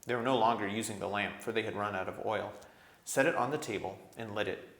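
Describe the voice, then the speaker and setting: A man, a teacher, reading a children's book aloud in steady storytelling narration. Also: on the low side, fast talker, echoey room.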